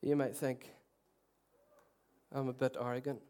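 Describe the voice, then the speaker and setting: Pastor preaching a sermon. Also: male voice, medium pitch, level tone, a little slow, smooth. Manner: earnest, swings between loud declarations and soft tender passages; self-deprecating humour.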